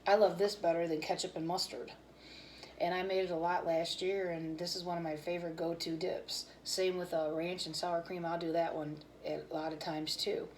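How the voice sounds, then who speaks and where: Worn-out lady rambling to her viewers, kinda low voice, faint hiss behind. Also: flat delivery, moderate pace, a little mellow, poor audio. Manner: rambling, candid, talks about fitness and feelings. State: tired, yawning. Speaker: cooking channel host. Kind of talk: casual chat to viewers.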